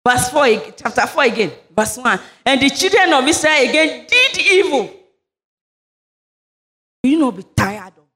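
A woman's voice: high-pitched, big pitch swings, normal speed, long pauses. A woman preaching a sermon, reading scripture and leading fervent prayer. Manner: fervent, rising into loud declarations during prayer.

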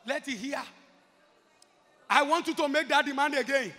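A man's voice: very high-pitched, moderate pace, pauses often, pushed and bright, long reverb tail, a faint crowd. A man preaching a sermon as pastor, impassioned and repetitive.

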